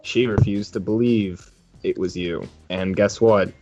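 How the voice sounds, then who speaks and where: A man's voice: lowish voice, steady tone, unhurried, dark tone. A man narrating as game master of a tabletop game, teasing the players and laughing often. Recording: muffled lo-fi audio with faint music.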